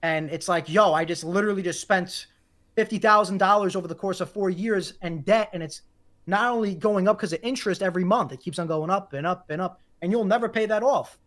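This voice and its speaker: A man, a guest on a podcast over a video call, rambling fast with repeated words and casual swearing. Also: sits high, a bit bright. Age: 20s. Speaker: guest content creator.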